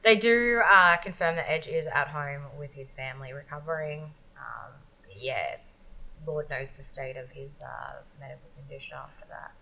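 A woman co-hosting a casual podcast chat, answering in a relaxed, easygoing way. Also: low voice, moderate pace, vocal fry, rough recording. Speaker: podcast co-host.

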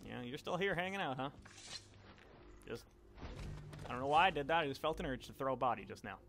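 A young man giving casual, sweary commentary on a video game he is playing, turning excitable and yelling whenever things go wrong. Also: mid-range voice, fairly quick, a little hiss or hum. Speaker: let's play commentator.

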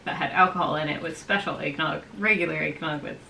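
A woman's voice: sits low, fast talker, vocal fry, sharp tone, slight background noise, low-quality recording. A woman hosting a casual trivia game on her vlog, laughing often and teasing playfully. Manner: giggly, playful.

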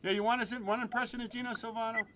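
A man's voice: very high-pitched, level tone, rapid-fire, bright, forceful tone. A man hosting a podcast in a crude, joking casual chat, laughing often. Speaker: podcast host.

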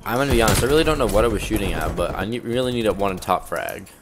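A man's voice: lowish voice, animated, racing, noisy background. A man casually commentating his own shooter gameplay, swearing and mocking himself. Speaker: gamer. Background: game music and gunfire.

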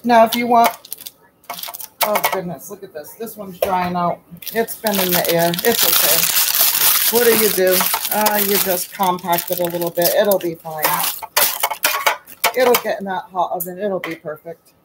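A woman's voice: on the low side, unhurried, pauses often, heavy background noise. A woman hosting a chatty baking demo from her home kitchen, asking rhetorical questions and calling her viewers sweetie and honey. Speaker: home baker and host.

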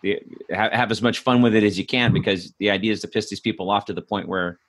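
A man's voice: on the low side, quick pace, fairly bright tone. A man hosting a podcast interview, talking in a loose, rambling way with many restarts. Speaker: podcast host. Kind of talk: casual interview conversation.

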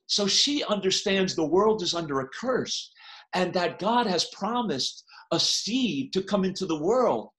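High-voiced impassioned preacher man. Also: animated, measured pace, a bit bright. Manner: impassioned, rising to cries when quoting. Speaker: pastor. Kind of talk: sermon. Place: church.

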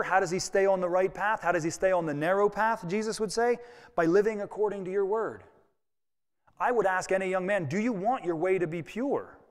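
A man preaches to his congregation in a high voice that carries a long echo through the church. He keeps it conversational and folksy, slipping in personal asides as he goes. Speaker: pastor. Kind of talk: sermon. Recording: long reverb of a church hall.

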